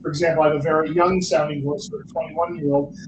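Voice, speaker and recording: A man's voice: on the high side, level tone, quick pace. A man hosting a live online Q&A as a dialect coach, answering viewer questions in an upbeat, joking, encouraging way. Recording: echoey room with background noise.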